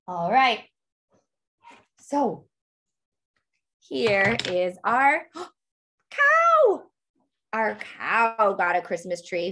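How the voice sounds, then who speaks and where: A woman reading a picture book aloud to toddlers, animated and sing-song, gasping with excitement and asking the children questions. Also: medium pitch. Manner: asks the children questions throughout. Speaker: toddler book club reader.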